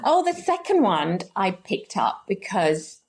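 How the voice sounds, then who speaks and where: A woman from Malaysia with a Malaysian accent, co-hosting a casual podcast chat, chatty and quick to laugh. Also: medium pitch, sing-song. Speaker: podcast co-host.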